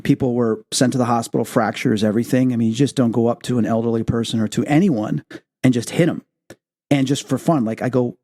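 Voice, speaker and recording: Mellow-voiced male show host. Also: medium pitch, fast. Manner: animated storyteller, acts out quotes. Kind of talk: interview and personal storytelling.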